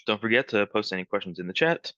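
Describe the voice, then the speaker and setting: A low-voiced man runs a live software training session and talks loosely through it, filling gaps with ums. His tone is bright and forward, and the sound is dry and a bit dull, like online meeting audio. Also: a little fast, dry recording. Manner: relaxed, rambling, many ums. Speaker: webinar trainer.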